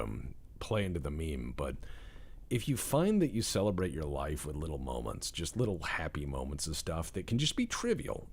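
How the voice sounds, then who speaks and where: A man's voice: low-pitched, a little mellow. A man hosting a let's-play video, chatting casually in a rambling, profane, self-deprecating way. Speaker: gaming channel host.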